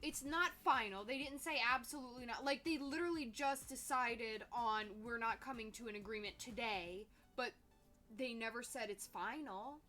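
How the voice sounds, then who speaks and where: A woman co-hosting a casual podcast chat, answering calmly with dry teasing. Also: a little high, moderate pace, faint music behind. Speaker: podcast co-host.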